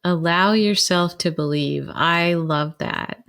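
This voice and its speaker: A woman hosting a podcast, affirming her guest as a warm, encouraging listener. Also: on the low side, slow pace, creaky. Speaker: podcast host. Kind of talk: interviewer.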